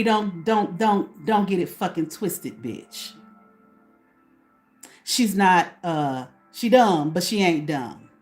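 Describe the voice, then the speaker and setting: A woman hosting her own small channel, ranting at someone in a profane, confrontational way and putting questions to herself. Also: on the low side. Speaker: channel host. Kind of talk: ranting to camera.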